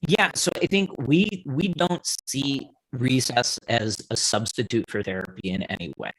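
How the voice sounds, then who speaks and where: A man speaking as a guest on an online panel, his voice sitting in an ordinary middle register. He explains things in a measured, step-by-step way. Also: medium pitch, fairly bright tone, breathy edge, rough recording. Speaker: guest, app co-founder. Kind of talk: panel discussion.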